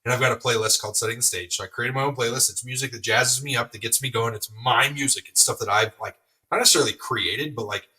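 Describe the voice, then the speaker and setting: Man, podcast host, motivational monologue, quick, bright, slightly distant mic. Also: medium pitch. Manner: energetic, rambling storytelling with many fillers.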